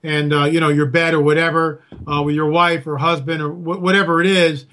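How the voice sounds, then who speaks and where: A man talking as an interview guest, an animated storyteller who acts out quotes. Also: on the high side, brisk. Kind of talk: casual interview talk.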